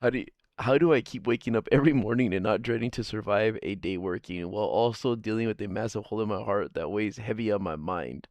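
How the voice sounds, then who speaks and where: A man's voice: fairly low pitch, fast, few pauses, a little mellow, no echo. A man streaming a casual chat, rambling and swearing freely, laughing often.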